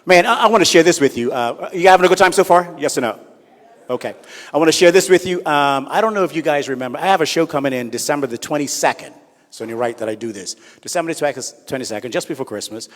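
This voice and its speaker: A male comedian works the room at an awards night, teasing the crowd and pulling them into his banter. His voice sits a little high, and it rings through a large hall with long reverb. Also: animated, fast talker. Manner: chatty, teasing, asks the crowd for responses. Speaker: comedian and event host. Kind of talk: stand-up comedy and audience banter.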